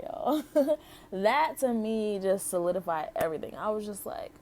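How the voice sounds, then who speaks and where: A woman's voice: mid-range voice, moderate pace, darkish tone, slight background noise. A woman in her thirties from the United States, telling her personal story to camera in a chatty, heartfelt way full of "like" and "um". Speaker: vlogger.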